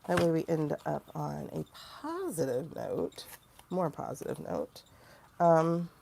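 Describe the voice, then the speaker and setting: A woman hosting a casual livestream tarot reading, chatty and animated, with sudden mocking asides to her viewers. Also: low voice, takes it slowly, creaky. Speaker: tarot reader and livestream host.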